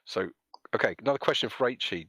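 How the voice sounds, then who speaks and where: A man hosts a live stream that plays like a casual voice-call chat, joking, rambling and reading viewer comments aloud. His mid-range voice is expressive, fast and a bit bright, and the recording is dry.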